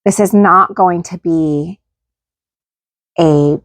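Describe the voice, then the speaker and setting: This channel host talks candidly to camera in a casual, blunt way, tossing in "like" and "right?" a lot. She has a lowish voice, speaks very slowly, and there's no echo.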